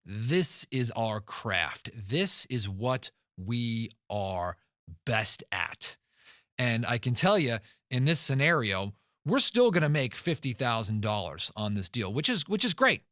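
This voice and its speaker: A podcast host who invests in real estate delivers a monologue in a mid-range, fairly bright voice, recorded dry with clean studio sound. He speaks emphatically, telling stories and repeating words to drive his points home.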